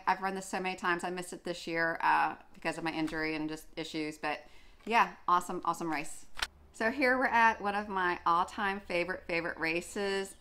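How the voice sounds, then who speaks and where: Young woman vlogger, chatty and gushing, bright forward tone. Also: lowish voice. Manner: chatty, gushing, many fillers and restarts. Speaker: running vlogger. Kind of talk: casual chat.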